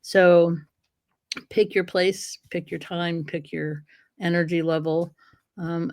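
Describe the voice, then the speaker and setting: A woman guest in a casual interview, a lively storyteller who often acts out what dogs would say. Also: lowish voice. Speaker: guest, dog breeder and trainer.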